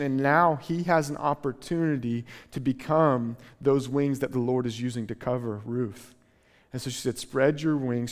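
A male pastor delivers a sermon in a somewhat high voice. He reads scripture with measured care, then retells it in an earnest, conversational way. His words ring out with a long reverb, as in a church auditorium. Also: darkish tone.

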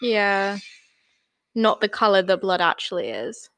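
A young woman chatting casually as a co-host, giggly and quick to react. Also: medium pitch, sing-song, fairly bright tone, no room sound. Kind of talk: casual chat.

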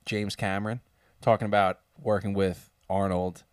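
A man with a low, flat voice joins a casual chat, telling a story in halting bits with lots of fillers. He sounds off-mic in a dry room. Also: smooth, no echo, far from the mic.

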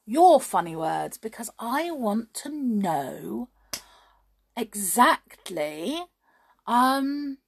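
A woman reading a children's story aloud, animated and chatting to her listeners. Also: medium pitch, vocal fry, husky.

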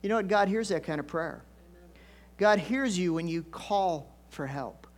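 A man's voice: sits high, lively intonation, unhurried. An older man, a pastor, preaching a conversational storytelling sermon with folksy asides and emphatic swells.

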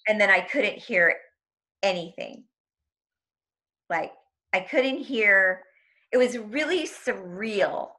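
A woman's voice: mid-range voice, animated, slow, long pauses, bright, forceful tone. A young woman telling an intense personal story in an interview, emotional and tumbling, full of "like" and acted-out quotes. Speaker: guest.

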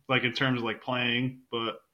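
A young man telling stories on a podcast, rambling and swearing freely. His voice is bright and forceful at a middling pitch, and the recording is slightly dull and lo-fi. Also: level tone, slow. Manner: rambling storyteller, swears a lot. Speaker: podcast guest. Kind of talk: casual podcast chat.

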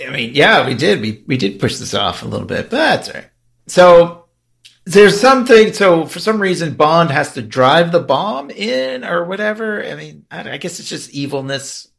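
A man with a raised, gravelly voice that swings up and down a lot as he talks. He rambles through a film discussion, laughing and trailing off mid-thought. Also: on the high side, very animated, moderate pace, fairly bright tone. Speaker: podcast co-host.

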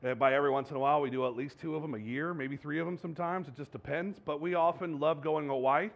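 A man with a fairly high voice preaches a sermon as a pastor, talking to his congregation as if chatting with them. He throws out rhetorical questions, trips over words and laughs off his own slips. The sound is dull and lo-fi, with the top end rolled off. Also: steady tone, fast. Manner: stumbles and restarts, jokes at his own slips.

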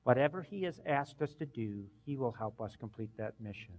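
A man preaching a sermon as pastor, earnest, with sudden loud bursts and hushed endings. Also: medium pitch, expressive, a little fast, long reverb tail.

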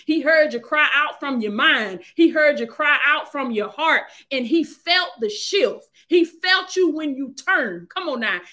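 Preacher woman, high voice, live stream sermon, call-and-response repetition. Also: a bit bright. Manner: call-and-response exhortation, repeats phrases.

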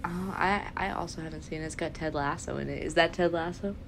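A woman co-hosting a podcast, chatting casually with quick reactions. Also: sits low, vocal fry, a little hiss or hum. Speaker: podcast co-host. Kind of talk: casual chat.

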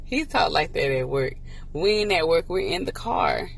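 A woman's voice: deep voice, sing-song, moderate pace, vocal fry. A woman hosting a casual, teasing chat from inside a car. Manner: playful, teasing. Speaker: vlog host. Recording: car road noise.

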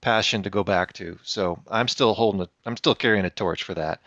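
A man in casual podcast chat, thoughtful and hesitant, pausing with fillers. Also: fairly low pitch, a bit bright, dry recording. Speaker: podcast co-host. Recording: muffled lo-fi audio.

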